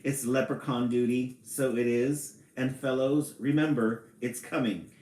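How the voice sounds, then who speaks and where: A man's voice: mid-range voice, steady tone, unhurried, darkish tone, echoey room, natural voice, rough recording. A man reading a storybook aloud and voicing a bossy male leprechaun leader in an attempted Irish accent, with a firm, sing-song manner. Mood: stern.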